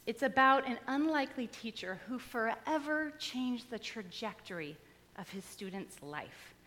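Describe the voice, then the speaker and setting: A woman pastor whose voice is a little high and a bit bright preaches in a church sanctuary with long reverb. She relates stories from her life in an easy, conversational manner, with touches of humor.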